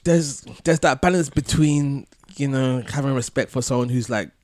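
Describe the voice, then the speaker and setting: A man telling a long personal story on a podcast, full of restarts and soft laughs. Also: mid-range voice, moderate pace, dry recording. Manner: rambling, many restarts, laughs between phrases. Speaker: podcast co-host. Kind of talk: casual storytelling chat.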